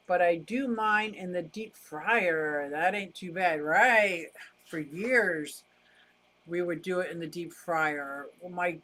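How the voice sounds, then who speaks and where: A woman's voice: fairly low pitch, fairly bright tone. An older woman hosting a casual livestream, chatting and answering viewer comments in a wry, talkative way. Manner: chatty, wry, laughs easily, rants about costs. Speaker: livestream host.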